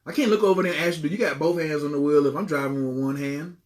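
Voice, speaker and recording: A man speaks off the cuff to his live viewers as a life coach, his voice sitting a little high for a man. He talks in loose slang, animated and circling back over the same lines. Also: fast talker. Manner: animated, slangy, repeats himself. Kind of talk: casual livestream monologue.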